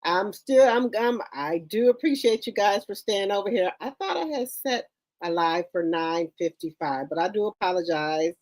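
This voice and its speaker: A woman's voice: medium pitch, expressive, moderate pace, a little mellow, no room sound. A woman hosting a casual livestream, greeting viewers one by one with repeated hellos in an informal, chatty way. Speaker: livestream host.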